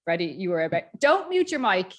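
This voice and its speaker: A woman's voice: on the low side, big pitch swings, fairly quick. A woman hosting a chat show, asking questions in a teasing, upbeat way. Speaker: host. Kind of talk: interview chat.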